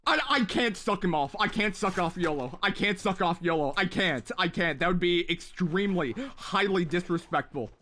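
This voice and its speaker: Excitable high-voiced young man gaming live. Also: moderate pace, few pauses, slight background noise. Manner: excitable, repeats phrases over and over. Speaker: livestream gamer host. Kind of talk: casual live game commentary. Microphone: headset.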